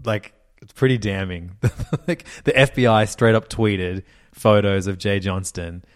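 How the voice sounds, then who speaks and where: A man's voice: lowish voice, fairly even intonation, unhurried. A man co-hosting a podcast in casual chat, rambling with fillers and frequent laughs. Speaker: podcast co-host.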